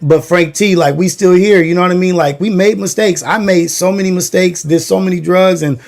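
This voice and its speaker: A man from Long Beach spins stories from his teenage years in a loose, rambling way, with lots of "like" and slang. His voice sits a bit high for a man. He talks casually to a livestream chat. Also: fairly quick, vocal fry. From Long Beach, California. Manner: loose slangy storytelling, many fillers. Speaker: livestream host.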